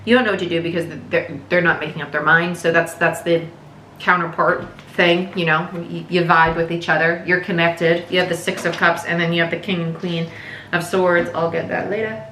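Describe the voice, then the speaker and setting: A woman's voice: on the low side, flat delivery, moderate pace, bright, forceful tone, echoey room, slight background noise. A woman giving a casual, chatty tarot reading, speaking candidly and swearing now and then. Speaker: tarot reader.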